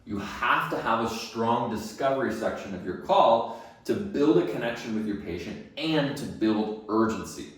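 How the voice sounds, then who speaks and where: A dental practice phone coach gives emphatic instruction at normal speed, his medium-pitched voice lively as he asks and answers his own questions. He's heard from a distance in a heavily echoing room.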